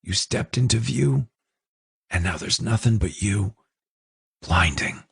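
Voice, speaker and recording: A man's voice: lowish voice, animated, slow, gravelly, fairly bright tone, breathy edge, no room sound, heavily acted. A man voicing a wounded, dying man who speaks faintly and tenderly through pain. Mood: tender, fading. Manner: faint, pained, fading speech.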